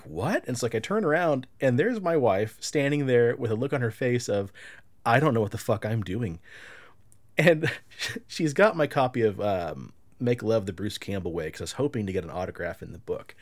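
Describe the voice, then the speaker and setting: A man co-hosting a casual podcast, telling a story with lively quoted voices, swearing and laughing. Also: mid-range voice, normal speed. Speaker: podcast co-host.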